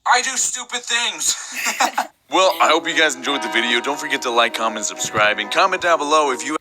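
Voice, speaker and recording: Animated high-voiced young man. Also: fairly quick, music in the background, poor audio. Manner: animated, self-mocking, bursts into shouting. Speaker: animation vlogger. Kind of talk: comic storytime narration.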